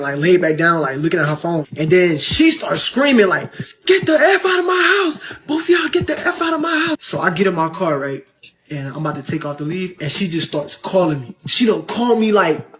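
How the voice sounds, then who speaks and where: A man's voice: high-pitched, a bit bright. A man telling a personal story to camera, acting out the lines he quotes. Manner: narrates, imitating the quotes he recounts. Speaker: storyteller in a clip.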